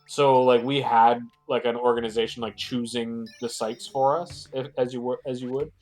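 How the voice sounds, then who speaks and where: A man's voice: medium pitch, fairly even intonation, moderate pace, a little mellow. A man with a stuffed-up nose chatting casually as a guest on a game stream, rambling and joking with lots of fillers. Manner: rambling, filler-heavy, jokey.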